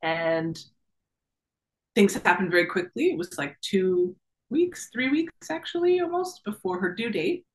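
A middle-aged woman, a guest in an interview, telling a personal story in a lively, casual way, laughing often and acting out the voices of the people in her story. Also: mid-range voice, a little slow, poor audio. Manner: animated, laughs often, acts out quoted voices.

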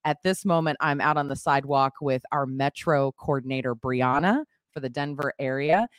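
A woman hosting a casual morning show over a video call, bubbly and quick to laugh. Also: very deep voice, no echo, studio quality. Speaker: show host.

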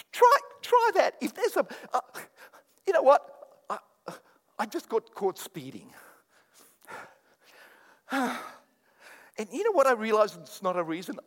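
A male pastor preaching with a high, lively voice that leaps up and down. He drops to quiet asides, then breaks into loud, acted-out mock prayers. The sound carries a long reverb, as in a big hall. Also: measured pace, pauses often. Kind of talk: sermon.

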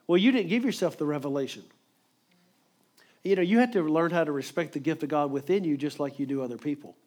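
Male preacher, slightly higher voice, emphatic, quick sermon delivery. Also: a little mellow.

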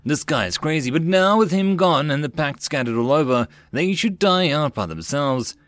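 A man's voice: a little high, lively intonation, normal speed, fairly bright tone, no room sound, pitched above the performer's own voice. A man voicing Tyria, a blunt proud soldier.

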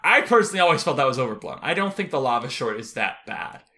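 A man co-hosting a film podcast in casual chat, animated and rambling, laughing often between asides. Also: medium pitch, fast talker. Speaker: podcast co-host.

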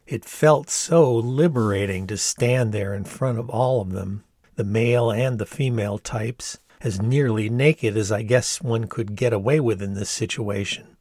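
An older man in his sixties narrates his own memoir in a measured, reflective and candid way. His voice sits on the low side and is recorded dry and close, with no room echo around it. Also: a little mellow. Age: 60s. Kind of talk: audiobook narration.

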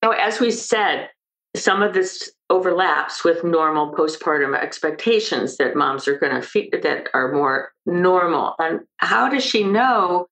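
An older woman speaks as a guest on a podcast interview. Her voice sits fairly low, and she explains things emphatically, bringing in lively stories. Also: measured pace, low-quality recording. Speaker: maternal mental health expert guest.

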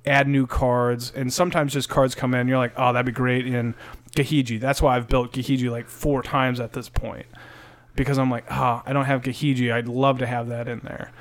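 A man's voice: mid-range voice, little pitch movement, moderate pace. A man co-hosting a casual podcast, talking in a rambling way with lots of fillers and some joking. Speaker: podcast co-host. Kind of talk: casual chat about card games.

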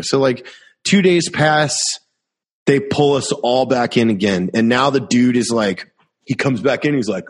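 Man, husky voice, average pitch, casual, profane, exasperated storytelling. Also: a little slow. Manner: profane, exasperated anecdote telling.

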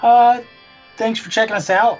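A man co-hosting a podcast, giving friendly shout-outs and wry remarks. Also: very high-pitched, fairly even intonation, normal speed, lo-fi sound, faint music behind. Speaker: podcast co-host. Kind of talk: casual podcast chat.

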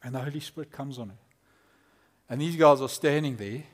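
A man preaching a lively, conversational sermon as a pastor, acting out quotes. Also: medium pitch, a little fast.

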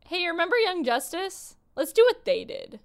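A woman's voice: very high-pitched, very animated, moderate pace. A woman casually chatting about a movie with a co-host, wry and dismissive, repeating herself for emphasis. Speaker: podcast co-host.

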